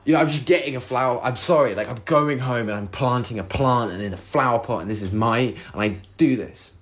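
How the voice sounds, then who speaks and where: A man's voice: medium pitch, fairly quick. A man hosting a solo podcast, telling a rambling story with lots of swearing and acted-out outbursts of his own. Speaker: podcast host.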